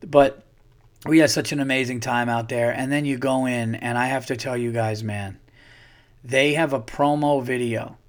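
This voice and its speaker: Profane, animated man telling stories. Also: mid-range voice, normal speed. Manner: profane, animated storyteller acting out his own quotes. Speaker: podcast host. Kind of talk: casual storytelling monologue.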